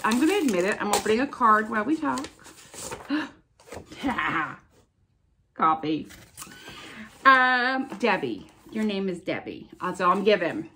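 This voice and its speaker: A woman's voice: fairly high pitch, fairly bright tone, slight background noise. Bubbly, chatty woman in her fifties. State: sinus trouble. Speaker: vlogger opening viewer mail. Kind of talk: casual chat.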